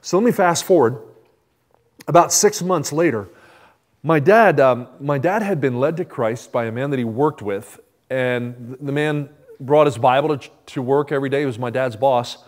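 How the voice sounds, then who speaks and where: A middle-aged man preaching, telling a personal story in a lively, animated way, acting out the people in it and asking the congregation "right?". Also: medium pitch, normal speed. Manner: animated storytelling, acts out quoted voices, asks the congregation "right?". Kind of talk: sermon storytelling.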